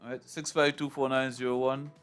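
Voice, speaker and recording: A man's voice: mid-range voice, little pitch movement, brisk, clean tone, soft background music. A man hosting a call-in radio show, prompting callers in a brief, matter-of-fact way. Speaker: radio talk show host.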